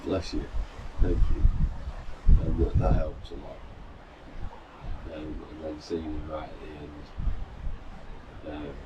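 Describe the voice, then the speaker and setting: A man's voice: a bass voice, little pitch movement, slow, long pauses, dull audio. A middle-aged man casually recounting a long run in a rambling, chatty way, full of fillers and restarts, sitting out on a balcony. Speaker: runner vlogger. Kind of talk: casual storytelling. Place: outdoor balcony in the mountains. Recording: distant mic with noisy outdoor ambience.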